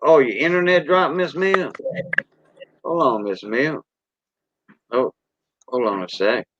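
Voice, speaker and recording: A man's voice: mid-range voice, slow pace, fairly bright tone, slight background noise. A man with a Cajun accent hosting a casual livestream, rambling in a folksy way and greeting viewers by name. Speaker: livestream host. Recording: dull lo-fi dry sound.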